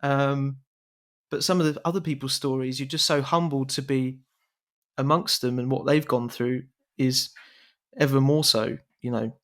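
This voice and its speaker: Modest young man, halting speech. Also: mid-range voice, steady tone, a bit bright. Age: 20s. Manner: modest and halting, with many fillers and restarts. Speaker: interview guest. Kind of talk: conversational interview.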